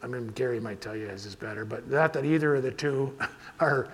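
A man's voice: mid-range voice, steady tone, a little fast. Man, farmer presenting, casual and rambling, long hall reverb. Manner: casual, rambling, frequent restarts. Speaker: farmer giving a talk. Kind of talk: conference presentation with audience Q&A.

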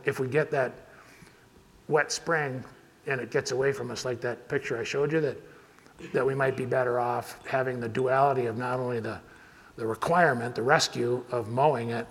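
Man talking shop in an echoing hall. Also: medium pitch. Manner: casual, rambling, frequent restarts. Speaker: farmer giving a talk. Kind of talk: conference presentation with audience Q&A. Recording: hall reverb.

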